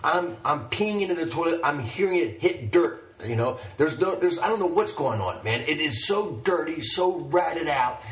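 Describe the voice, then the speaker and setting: A male comedian telling stories in a casual, animated and profane way. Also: a little high, moderate pace, few pauses. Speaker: stand-up comedian. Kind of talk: casual storytelling chat. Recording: echoey room, far from mic.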